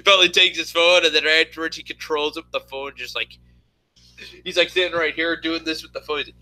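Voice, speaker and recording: A man's voice: fairly high pitch, bright, forceful tone, dry recording, poor audio. A man casually chatting with his viewers, rambling with lots of fillers and restarts. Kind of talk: casual chat.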